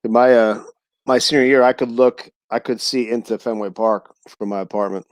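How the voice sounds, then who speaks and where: A laid-back man speaking as a guest on a livestream. His voice sits in a middling pitch, and he curses casually and laughs often. The sound is dry and close, with no room in it. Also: steady tone, normal speed, dry recording. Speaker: guest reptile breeder. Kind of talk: casual chat.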